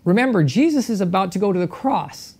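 A pastor delivers a sermon at an even, unhurried pace. The speaker leans on rhetorical questions and repeats key phrases for emphasis. The voice sits in a middle pitch. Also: breathy edge.

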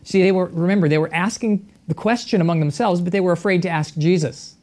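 Preacher with measured rhetorical questions. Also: mid-range voice, a little mellow. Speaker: pastor. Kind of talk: sermon.

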